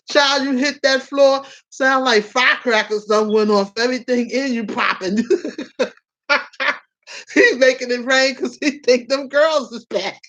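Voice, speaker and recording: A woman's voice: high-pitched, a little slow, fairly bright tone. A woman hosting a casual chat show, frank and playful, laughing often between lines. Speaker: host.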